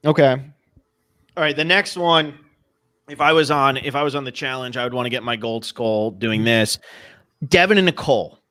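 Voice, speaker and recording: A man from New Jersey hosting a casual podcast chat, opinionated and self-deprecating, with quick asides. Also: mid-range voice, sharp tone. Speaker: podcast host.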